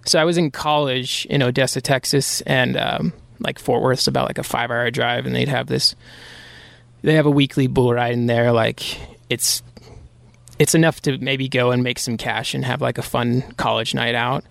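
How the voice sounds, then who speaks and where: A man's voice: medium pitch, fairly even intonation, normal speed, vocal fry, a bit bright, no room sound. A man from Pennsylvania, a bull rider guest on a podcast, telling stories casually and rambling with lots of filler "like". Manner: rambling, heavy use of filler "like". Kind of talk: casual storytelling.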